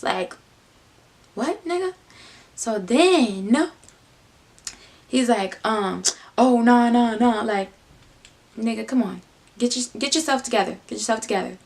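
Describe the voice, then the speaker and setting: Give me a young woman vlogger telling a casual story, lively with quiet muttered asides. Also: vocal fry. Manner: animated, swings to low muttered asides.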